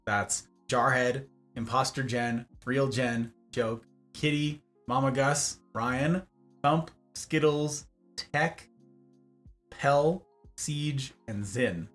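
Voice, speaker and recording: A man streaming a game, chatting casually and gratefully to his viewers, his voice worn and hoarse from talking, rambling and playing with words. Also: mid-range voice, drawn-out words, fairly bright tone, soft background music. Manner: rambling, playful wordplay, grateful. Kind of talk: casual end-of-stream chat.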